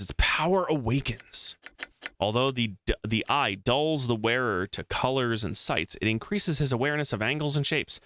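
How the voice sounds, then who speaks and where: Bright-voiced casual man streaming a game. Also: medium pitch, clean tone, no echo, studio quality. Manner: casual, thinking aloud with fillers. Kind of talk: let's play commentary, reading game text aloud.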